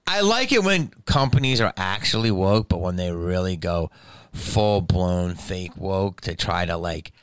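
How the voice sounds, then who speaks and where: A man's voice: low voice, a bit bright, clean tone, no room sound. A man in his fifties delivering a profane, rambling comedic monologue.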